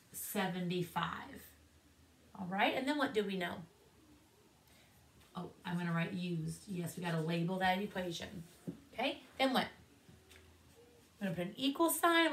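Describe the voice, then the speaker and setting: A woman teacher leading a math lesson for second graders, asking many questions in an encouraging way. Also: medium pitch.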